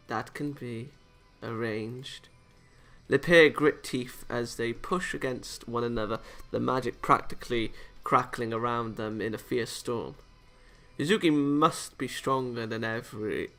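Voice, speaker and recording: A man's voice: medium pitch, pushed and bright. A young man reading a visual novel aloud as a let's-play host, casual, with jokey asides and small stumbles.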